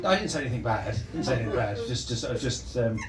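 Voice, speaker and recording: A man's voice: mid-range voice, expressive, quick pace, over loud music. A man doing stand-up crowd work, teasing the audience with rambling, stammering restarts in a live comedy club. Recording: echoey club, mic at a distance, loud noise.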